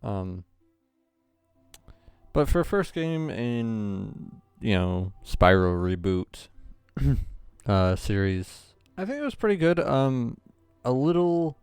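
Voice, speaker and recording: A man's voice: fairly low pitch, very animated, takes it slowly, a little mellow, smooth, dry recording, soft background music. A man hosting a gaming channel, giving casual, rambling play-through commentary with lots of hesitant fillers.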